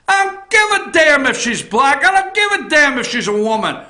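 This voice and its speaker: A man hosting a political opinion show from an office, ranting bluntly with swearing, repetition and frequent shouting. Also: extremely high pitch, sing-song, normal speed, few pauses, roomy sound. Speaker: talk show host.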